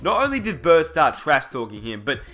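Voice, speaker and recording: A man's voice: fairly high pitch, wildly swooping pitch, moderate pace, pushed and bright, soft background music. A man giving scripted documentary narration in a dramatic storytelling read.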